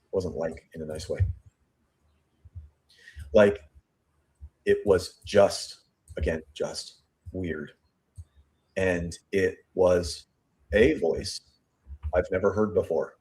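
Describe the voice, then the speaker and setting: A man's voice: sits low, darkish tone. A man hosting a true crime show, analyzing an interview statement line by line, thinking aloud and repeating phrases as he goes. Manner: thinking aloud, repeats and restarts phrases, pace shifting between slow and rushed. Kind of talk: statement analysis commentary, reading quotes aloud.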